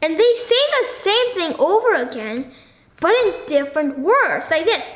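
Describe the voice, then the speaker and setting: A woman hosting a casual book discussion. She talks haltingly, with many ums and restarts, and keeps asking the listener questions. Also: sits high, expressive. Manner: asks the listener frequent questions. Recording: echoey room with faint noise.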